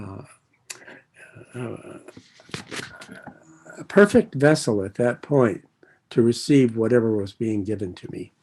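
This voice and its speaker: A man's voice: mid-range voice, a little mellow. An older man giving an earnest personal share at a recovery meeting, drifting off his thread and circling back, with light chuckles.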